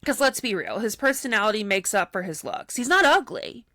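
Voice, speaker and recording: A woman's voice: medium pitch, sing-song, fairly quick, bright, forceful tone, no room sound, studio quality. A woman co-hosting a podcast, chatting casually and acting out other people's lines as she tells a story. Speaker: podcast co-host. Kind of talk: casual chat recapping a reality show.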